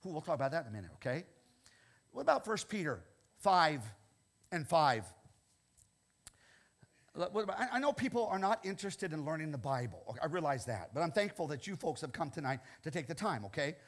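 Husky, high-pitched, lively older preacher. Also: male voice, a little fast, long pauses. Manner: animated, repeats "okay?" often, laughs between lines. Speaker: pastor. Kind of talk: sermon.

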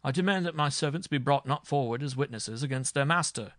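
A man's voice: medium pitch, expressive, a little fast, dry recording, clean studio sound, voice pushed up, close to an everyday voice. A man voicing an arrogant, hot-tempered noble marshal on trial, blustering and indignant. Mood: imperious.

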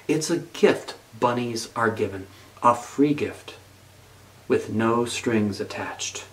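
Majestic male wolf, slow and measured, read by a man. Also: mid-range voice, distant mic, close to an everyday voice, poor audio. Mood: calm. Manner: slow and deliberate. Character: great wise silver male wolf.

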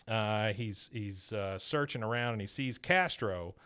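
A man hosting a podcast, casually retelling a cartoon episode scene by scene and dropping into quick voices for the characters. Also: on the low side, a bit bright, clear, resonant tone. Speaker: podcast host recapping episodes. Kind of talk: casual recap chat.

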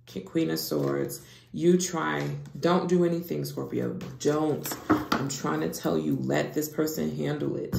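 A woman with a low, gravelly voice talks through a tarot reading at an unhurried pace. She swings between hushed whispers and excited outbursts. The room is echoey, with steady noise behind her. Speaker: tarot reader. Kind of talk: casual tarot reading monologue.

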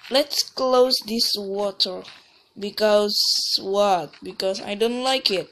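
Slow-talking woman narrating her gameplay. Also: medium pitch, a bit bright. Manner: rambling, restarts and trails off mid-sentence. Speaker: let's play gamer. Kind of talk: casual gameplay commentary.

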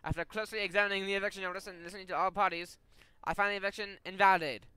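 A man voicing a loud, bossy male judge who barks orders in a courtroom, narrating a game playthrough. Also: high voice, steady tone, very fast, clean tone, no room sound, pitched above the performer's own voice. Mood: stern, shouting. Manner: barking orders, shouting for order.

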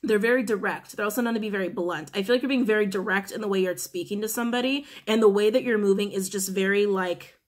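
A woman's voice: medium pitch, quick pace, few pauses. A woman giving a casual spoken tarot reading to her viewers, chatty and emphatic, repeating her phrases and often breaking into laughter. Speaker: tarot reader.

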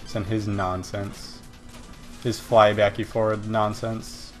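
A young gaming video host rambles through a casual let's-play, cracking self-deprecating jokes as he plays. He speaks slowly over music in a fairly low-pitched voice with little pitch movement.

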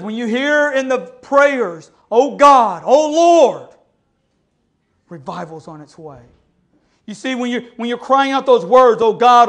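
A man preaching a sermon with passion, often calling out to the congregation for an amen. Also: sits high. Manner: impassioned preaching, calls for amens. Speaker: pastor.

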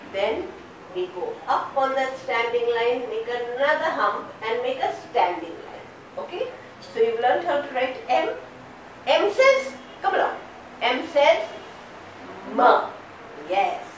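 Teacher lady, slow and singsongy, kinda high voice, echoey far-off mic with noise behind. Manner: slow, sing-song, repeating words for children to echo. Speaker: kindergarten teacher. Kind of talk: online phonics lesson for small children.

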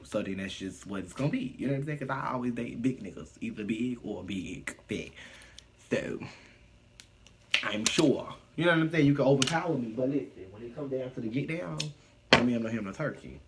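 Speaking briskly at medium pitch against a noisy background, a man hosts a casual live stream. He reads comments from viewers and answers them in a sassy, animated, foul-mouthed way.

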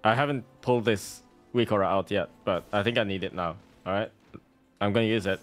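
A man's voice: on the low side, brisk, faint music behind. A man streaming a game, giving casual, sarcastic commentary with a salty edge.

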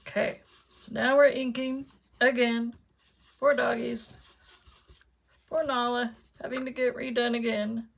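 A woman's voice: on the high side, level tone, unhurried, creaky, long pauses, husky. A woman chatting casually to her viewers while she demonstrates card making at her craft desk.

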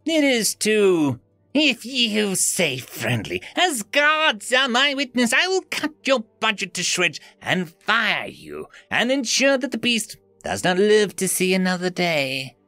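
A menacing male alien commodore snarls his threats, as a male narrator puts him on. The voice sits high and strained, lurching across a wide pitch range with a gravelly edge. It is recorded dry and close, with faint music underneath. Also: animated, unhurried, pushed and bright, dry recording, exaggerated voice. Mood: threatening.

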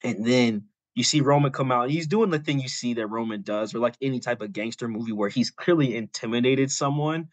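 A podcast co-host tells a long, rambling story in a mid-range voice, talking a little fast with few pauses and no room sound. His speech is loose and packed with "like" and "you know," and he acts out quoted lines in passing.

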